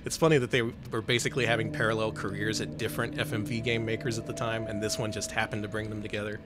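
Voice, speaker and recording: A man's voice: lowish voice, flat delivery, fast talker, music in the background. A man co-hosting a casual gameplay chat, joking, laughing often and swearing freely. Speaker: co-host playing a game.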